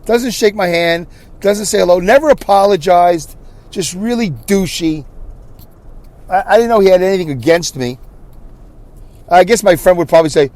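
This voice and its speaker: A man's voice: sits high, moderate pace, long pauses, a little mellow. A man hosting a podcast, telling a story in a casual monologue with exasperated ranting and frequent restarts. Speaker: podcast host.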